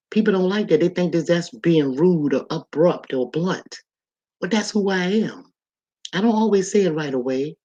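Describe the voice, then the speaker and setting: A man's voice: on the high side, dark tone. Blunt, rambling livestream host, a man. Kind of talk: casual livestream monologue.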